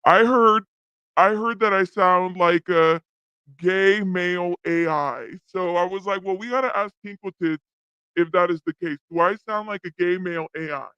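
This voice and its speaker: A woman's voice: on the low side, moderate pace, a bit bright, clean tone, no echo, highs cut off, pitched below the performer's own voice. A woman livestream host using a voice changer to sound like a male AI, playfully asking her chat how she sounds.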